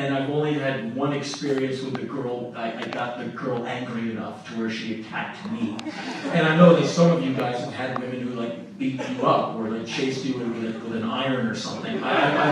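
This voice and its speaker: A middle-aged man telling a story live to an audience, animated and laughing through his telling. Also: medium pitch, normal speed. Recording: echoey room from far off with noise.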